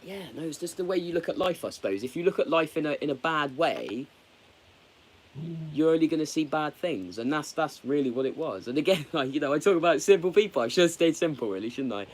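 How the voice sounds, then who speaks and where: A man chatting candidly on a live stream, rambling and halting. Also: on the high side, animated. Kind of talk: casual live stream chat.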